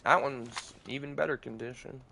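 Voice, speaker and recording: A man's voice: medium pitch, fairly even intonation, normal speed, creaky, pushed and bright, slight background noise, poor audio. A young man chatting casually while streaming a game, rambling and swearing freely. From United States. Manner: loose, rambling, frequent swearing. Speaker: livestreamer. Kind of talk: casual gaming livestream chat.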